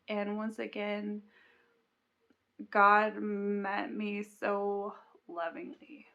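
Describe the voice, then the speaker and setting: A woman's voice: medium pitch, level tone, extremely slow, long pauses, sharp tone, muffled recording. A young woman vlogger sharing an earnest, confessional faith reflection to camera. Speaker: Christian vlogger.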